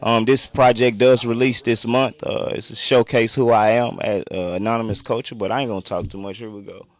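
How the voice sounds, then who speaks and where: A man's voice: medium pitch, fairly even intonation, a little fast. A man and guest musician chatting loosely on a radio show, chuckling as he fumbles with the playback. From Dallas, Texas. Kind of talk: casual radio chat.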